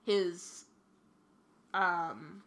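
Woman co-host, bright tone, chatty rambling book-talk delivery. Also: lowish voice, extremely slow. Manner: rambling, lots of fillers and restarts, swears casually. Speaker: podcast co-host. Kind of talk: casual book discussion.

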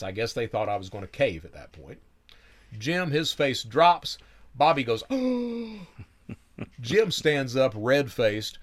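A man telling his own story in a casual, wry way, laughing now and then and swearing freely. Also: medium pitch.

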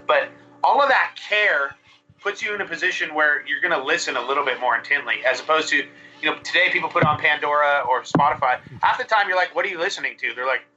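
Man on a dull lo-fi call. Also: a little high. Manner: relaxed, rambling with fillers. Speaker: band singer, guest. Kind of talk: remote podcast interview.

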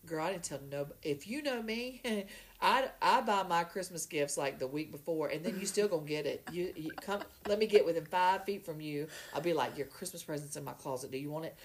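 A woman, a podcast guest, telling a story in a lively, casual way and acting out other people's voices. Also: on the low side, moderate pace, slight background noise. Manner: animated, acts out voices in her story.

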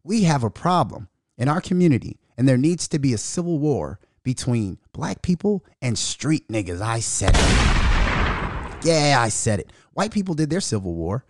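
A man's voice: medium pitch, very animated, moderate pace, few pauses, heavy background noise. A man hosting a podcast, ranting in a profane monologue and mocking the voices of others. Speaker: podcast host.

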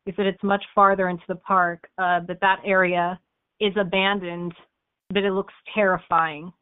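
A young woman appearing as a podcast guest speaks at a moderate pace in a lowish, clear, resonant voice. She's an animated storyteller who laughs often and uses fillers like "like" and "um." The line sounds tinny and phone-like, with no echo.

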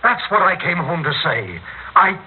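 A husky, worn-down husband. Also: male voice, high voice, sing-song, normal speed, full character voice. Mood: anguished. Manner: pleading, rising to anguish. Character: weary middle-aged husband finally standing up. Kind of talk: 1950s radio acting. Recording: tinny old radio recording.

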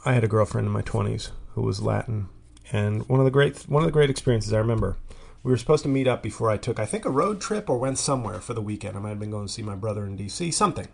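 A man's voice: lowish voice, quick pace, vocal fry, a little mellow, husky. A man in his thirties hosting a podcast, telling a rambling, crude, self-mocking comic monologue. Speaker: podcast host. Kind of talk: casual comedic monologue.

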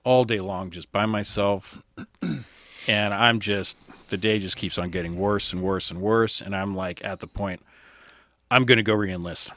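A man with a lowish voice speaks candidly in a relaxed way, telling his story and quoting others. The sound is dry and close to the mic. He comes across as a young adult podcast guest. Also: measured pace, no echo. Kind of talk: casual storytelling.

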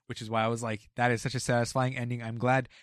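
Fast-talking young man telling a work story. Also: medium pitch, no room sound, clean studio sound. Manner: animated, acts out quotes, swears freely. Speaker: retail store employee telling a work story. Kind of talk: casual storytelling chat.

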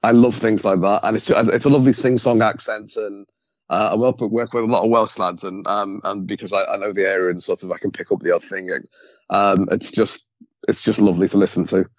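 A man's voice: on the low side, steady tone, fairly quick, dry recording, muffled recording. A man with a Scouse accent chatting on a podcast, enthusiastic, stumbling over words as he starts. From Liverpool, England. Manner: enthusiastic, repeats words when starting sentences. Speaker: podcast co-host. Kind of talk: casual chat.

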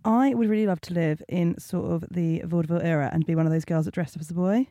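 A woman's voice: lowish voice, fast talker, mellow, no echo, studio quality. A woman co-hosting a podcast, chatting in a jokey, rambling way. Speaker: podcast co-host. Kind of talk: casual chat.

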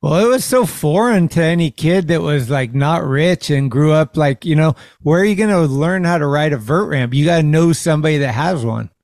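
Relaxed agreeable male podcast host. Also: fairly high pitch, moderate pace, few pauses, no echo, clean studio sound. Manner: relaxed, agreeable, laughs along. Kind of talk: casual chat.

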